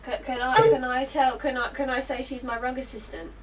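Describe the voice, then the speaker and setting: A woman's voice: sits high, steady tone, fairly quick, far from the mic, noisy background. A woman player at a tabletop game, making joking asides. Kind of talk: casual chat.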